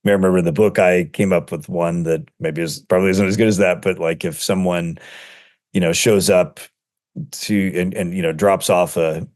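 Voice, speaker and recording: A middle-aged man, a seminary professor and guest author, talking through ideas in a relaxed interview, quick and full of fillers and restarts. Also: deep voice. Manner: talks in quick bursts with many fillers and restarts. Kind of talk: conversational interview.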